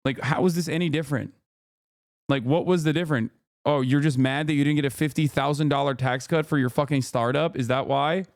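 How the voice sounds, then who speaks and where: A man's voice: a little high, fairly even intonation, brisk, no echo, studio quality. A man in his thirties hosting a livestream, giving casual commentary and reading posts aloud in an exasperated, profane way. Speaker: streamer host.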